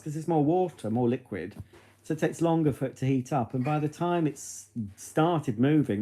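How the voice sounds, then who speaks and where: Man, livestream host, mellow warm tone, chatty, teasing, gossipy. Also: medium pitch. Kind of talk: casual live-stream chat.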